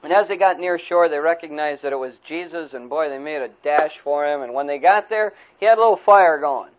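Male preacher, folksy storytelling sermon, high voice, tinny phone-like audio. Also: brisk. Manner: folksy, animated retelling.

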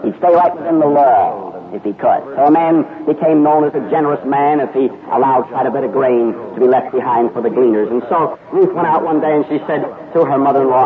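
A man's voice: medium pitch, normal speed. A man preaching a sermon, telling a Bible story dramatically and acting out the characters' speech. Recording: tinny phone-like radio broadcast with crowd noise.

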